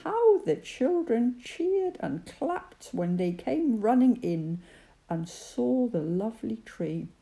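A woman reading a children's storybook aloud, slow and gentle. Her pitch swings widely and expressively, while her tone stays dark and mellow. She is warm-paced and unhurried. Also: gravelly. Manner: gentle, expressive voicing of characters.

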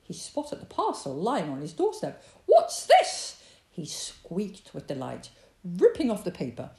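A woman's voice: on the low side, huge pitch swings, moderate pace, darkish tone. Sing-song woman reading a storybook. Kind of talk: storybook read-aloud. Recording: roomy echo.

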